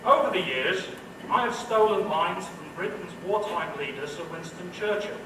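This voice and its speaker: A man's voice: high-pitched, lively intonation, moderate pace. A man giving a humorous commencement address as a professor, with a dry, witty delivery. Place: large indoor hall. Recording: echoey hall, distant mic, noisy.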